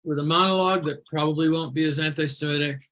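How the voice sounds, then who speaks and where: A man's voice: a little high, fairly even intonation, fast, pushed and bright. A man hosting a comedy show over a video call, roasting people with sarcastic jokes. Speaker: show host.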